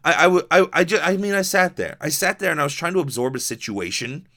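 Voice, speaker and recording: A man's voice: fairly high pitch, fast, pushed and bright. A young man from Hawaii hosting a podcast, telling a story in a rambling, profane casual monologue full of restarts and fillers. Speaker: podcast host.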